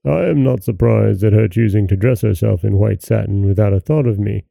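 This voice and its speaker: A man voicing a proud, quick-tempered old king, speaking sternly and with wrath. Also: lowish voice, creaky, mellow, no room sound. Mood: angry.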